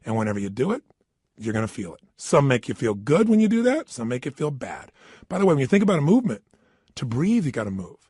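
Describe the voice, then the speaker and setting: A man's voice: medium pitch, very animated, quick pace, warm tone, breathy edge, dry recording. A middle-aged man giving an emphatic motivational talk, standing at a microphone and firing rhetorical questions at the listener. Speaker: motivational speaker. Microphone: standing and speaking into a microphone.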